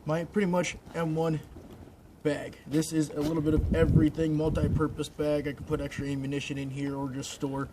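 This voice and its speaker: A man talks casually and a little haltingly, feeling the cold as he stands outdoors in falling snow. His voice sits somewhat high for a man. Clear background noise runs under the whole recording. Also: little pitch movement. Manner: rambling, informal, restarts often. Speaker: WWII reenactor vlogger. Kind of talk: casual show-and-tell vlog. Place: outdoors in snowy weather.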